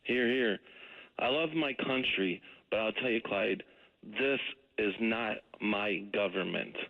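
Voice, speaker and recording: A man's voice: lowish voice, slow pace, vocal fry. A man in his forties from Wisconsin, calling in to a radio show and ranting with angry passion. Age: 40s. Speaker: caller. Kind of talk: call-in radio talk. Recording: muffled phone-in line.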